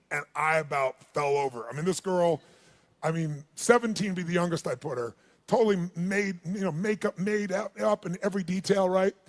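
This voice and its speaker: Male seminar speaker, higher register, animated storyteller who works the room. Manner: animated storyteller, calls out questions to the crowd. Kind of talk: live seminar talk with storytelling.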